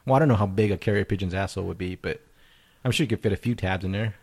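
Husky, laid-back joking man. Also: sits low, rapid-fire. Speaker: podcast co-host. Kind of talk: casual crude podcast banter.

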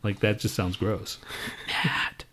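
A man with a fairly low voice co-hosting a podcast in casual banter. He rants loudly and swears constantly. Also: expressive, normal speed, a crowd in the background. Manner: profane and loud, ranting. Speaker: podcast co-host.

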